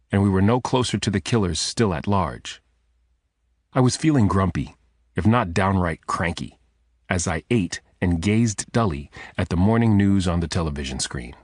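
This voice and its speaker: A man narrating a thriller audiobook in a measured, steady storytelling manner. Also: deep voice, no room sound, clean studio sound. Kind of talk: scripted narration.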